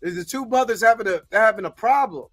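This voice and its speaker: A man's voice: sits high, fairly bright tone, soft background music. A man hosting his own show, giving a slangy, casual episode recap and often asking "you know what I'm saying". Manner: acts out the characters' lines in quick bits. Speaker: show host.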